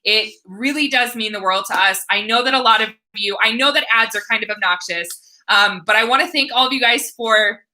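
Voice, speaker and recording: A woman's voice: fairly high pitch, brisk, bright, forceful tone, poor audio. A woman from the United States hosting a casual livestream Q&A, chatty, thanking viewers and reading comments aloud.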